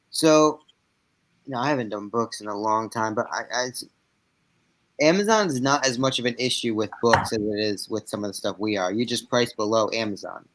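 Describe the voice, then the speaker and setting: A man's voice: medium pitch, a bit bright, low-quality recording. A man co-hosting a casual livestream, reading viewer questions aloud and chatting in an easygoing way. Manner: easygoing, reads questions aloud and laughs often.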